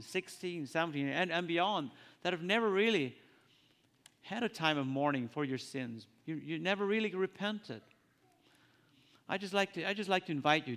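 Male preacher, earnest and halting, somewhat raised pitch, long hall reverb. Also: a bit bright. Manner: earnest, halting, repeats phrases. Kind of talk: sermon.

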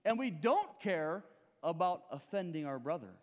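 Animated high-voiced preacher in a reverberant hall. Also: male voice, normal speed. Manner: swings from loud urging to hushed low asides; preaches with rhetorical questions and acted-out anecdotes. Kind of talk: sermon.

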